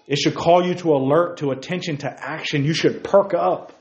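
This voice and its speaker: A man's voice: a little high, steady tone, moderate pace, echoey room, muffled recording. A man preaching a sermon to young men, with repeated calls of "hey guys" and sudden emphatic peaks.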